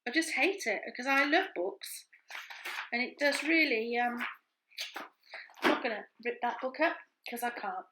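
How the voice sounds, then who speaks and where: A woman's voice: fairly high pitch, a little slow, pauses often, very noisy. A woman in a casual crafting chat, thinking aloud as she works. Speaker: craft vlogger.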